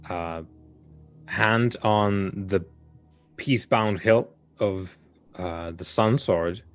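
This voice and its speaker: A man playing a tabletop game, describing his character's actions in a halting way with many fillers. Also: fairly low pitch. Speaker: player.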